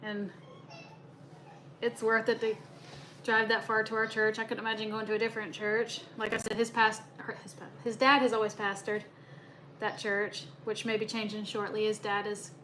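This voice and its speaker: A woman's voice: on the high side, pushed and bright. Young woman from chatting on a livestream, laughs a lot, faint hiss behind. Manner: chatty, laughs often, greets viewers. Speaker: livestream host. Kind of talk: casual livestream chat.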